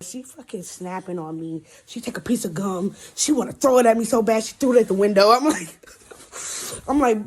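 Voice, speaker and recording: A woman's voice: on the high side, moderate pace. A young woman vlogger animatedly telling a personal story, swearing and laughing as she goes. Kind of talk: casual storytime.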